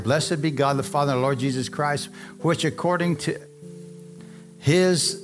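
A man preaching a live sermon to a congregation, fervent and repetitive, often calling out to the crowd for an amen. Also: mid-range voice. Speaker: pastor. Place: church service before a congregation.

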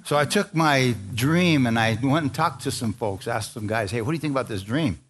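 With music playing in the background, a preacher shares a personal story and addresses the congregation directly in a chatty way. His medium-pitched voice is fairly quick and fairly bright.

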